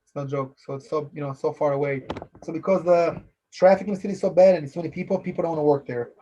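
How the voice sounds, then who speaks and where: A man's voice: fairly high pitch, rapid-fire, warm tone, muffled recording, slight background noise. A man hosting a casual solo podcast, rambling loosely, repeating phrases and filling with "you know". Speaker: podcast host. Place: based in Philadelphia.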